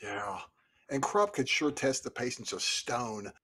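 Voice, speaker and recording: A man's voice: medium pitch, unhurried, bright, forceful tone, breathy edge. A man co-hosting a casual book podcast, laid-back and giggly, rambling through his comparisons. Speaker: podcast co-host.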